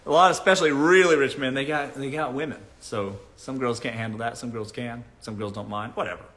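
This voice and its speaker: A man's voice: medium pitch, fairly quick, fairly bright tone. A man giving blunt dating advice on a casual live stream, mocking and laughing at his own points while reading chat.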